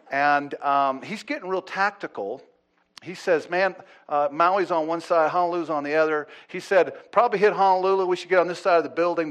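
A man preaching as a pastor, telling a story with lively acted-out quotes and swings between loud and hushed delivery. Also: fairly high pitch. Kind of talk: sermon storytelling.

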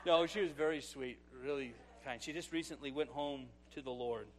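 A middle-aged male pastor preaching a sermon, swinging from loud exclamations to hushed asides as he tells stories and acts out quotes. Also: mid-range voice, normal speed.

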